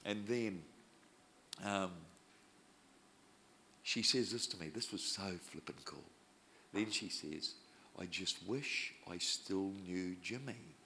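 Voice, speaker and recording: A man preaching, telling a personal story in an animated way and acting out the people he quotes. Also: low-pitched, slow, vocal fry, long pauses, a little hiss or hum. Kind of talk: storytelling sermon.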